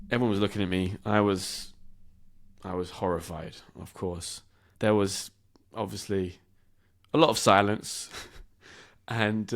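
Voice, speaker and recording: A young man from southern England, hosting a show for English learners and telling a personal story in a lively, self-deprecating way, laughing at himself. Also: medium pitch. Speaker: podcast host.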